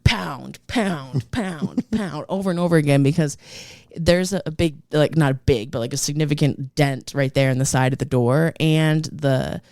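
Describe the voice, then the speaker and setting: A woman co-hosting a podcast, telling a story in a rambling, animated way full of fillers. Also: sits low, moderate pace, no room sound, clean studio sound. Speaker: podcast co-host. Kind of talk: casual storytelling chat.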